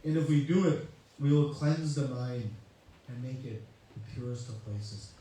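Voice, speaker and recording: A man's voice: mid-range voice, unhurried, mellow. Man giving a talk in an echoey hall. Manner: conversational, uses many "you know" asides. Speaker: spiritual teacher. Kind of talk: sermon with storytelling. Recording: echoey hall, mic far off, faint ambience.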